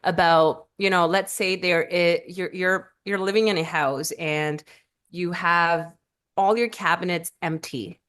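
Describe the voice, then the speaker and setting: A woman guest on a podcast telling a personal story, halting and tearful at times, her voice lifting when she quotes her own thoughts. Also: lowish voice, fairly even intonation, a bit bright. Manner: halting, with fillers and restarts, voice rising in quoted self-talk.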